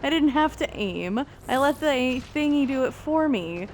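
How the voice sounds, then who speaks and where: A woman's voice: high voice, expressive, normal speed, background noise. A woman streamer chatting casually while playing, with self-mocking asides. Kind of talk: casual gaming commentary.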